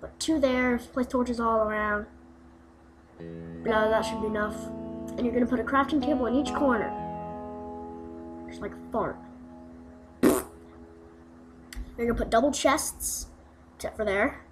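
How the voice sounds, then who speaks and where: Young woman, slightly high voice, slow and rambling, casual game tutorial voice-over over guitar music. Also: steady tone. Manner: rambling, goofy asides, uh fillers. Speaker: gaming video maker.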